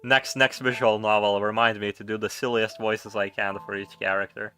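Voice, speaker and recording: A man playing a visual novel and commenting casually, loud, joking and swearing. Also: fairly low pitch, flat delivery, moderate pace, faint music behind. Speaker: let's play gamer.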